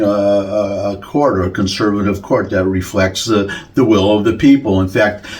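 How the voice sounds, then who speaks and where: A man from the United States giving a rambling solo commentary, full of restarts and self-corrections. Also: fairly low pitch. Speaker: political commentator.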